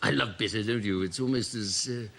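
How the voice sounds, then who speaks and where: A man's voice: lowish voice, fairly quick, vocal fry, a bit bright, a little hiss or hum. A man putting on a hearty, joking young royal on a pub crawl. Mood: jovial.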